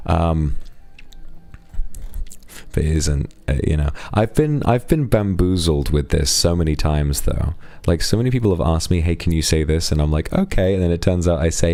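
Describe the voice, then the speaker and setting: A man with a strikingly low, gravelly voice chats with his viewers on a live stream. He thanks donors warmly and drops playful asides. The sound is dark and mellow, and it is close and dry, with no room around it. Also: lively intonation, moderate pace, no room sound. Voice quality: very deep, gravelly voice. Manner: warm, affectionate thank-yous with playful asides. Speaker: streamer reading donations. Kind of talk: casual live-stream chat.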